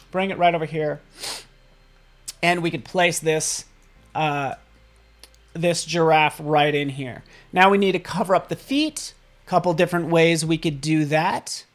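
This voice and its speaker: A man hosting a live software tutorial, upbeat and playful, often checking in with the viewers and tossing in silly sound effects. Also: on the high side. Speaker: design software instructor.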